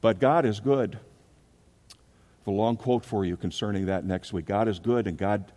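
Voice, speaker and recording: A man's voice: on the low side, normal speed, warm tone, long reverb tail. A man preaching a sermon as pastor, telling a story from his own life and acting out its scenes. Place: church sanctuary.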